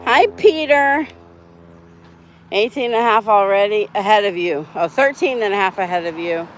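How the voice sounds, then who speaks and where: A rambling, friendly-sounding woman with a drawl talks casually to her livestream audience while walking her dogs outside. She greets viewers by name and drifts from one thought to the next. Her voice sits at an ordinary middle pitch. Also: a little fast, soft background music. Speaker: livestream host. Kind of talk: casual livestream chat reading viewer comments.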